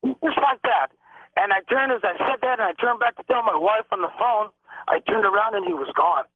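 Guy calling into a radio show telling a story, pretty high voice, dry tinny phone sound. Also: brisk, no echo. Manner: animated storyteller, acts out quoted lines. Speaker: caller.

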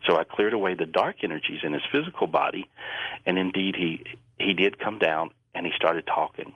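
Earnest low-voiced man, husky and rambling. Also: no room sound, phone-quality sound. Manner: earnest, rambling, halting with repeated words. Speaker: psychic guest. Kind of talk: radio interview chat.

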